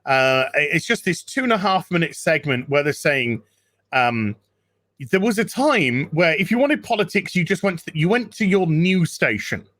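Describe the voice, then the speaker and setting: High, bright-voiced profane ranting man. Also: sing-song, normal speed, no echo, clean studio sound. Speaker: podcast guest. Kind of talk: casual podcast chat.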